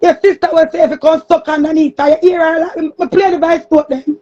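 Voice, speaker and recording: A woman with a Jamaican accent in an angry, cursing monologue, often shouting. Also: very high-pitched, fairly even intonation, fairly quick. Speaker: streamer. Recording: muffled lo-fi recording.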